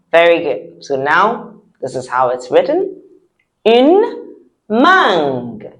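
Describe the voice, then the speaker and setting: A woman teaching French vocabulary, saying each word slowly and lifting her voice on the articles. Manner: slow drawn-out model words with high lifted articles. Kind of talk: repeat-after-me vocabulary lesson.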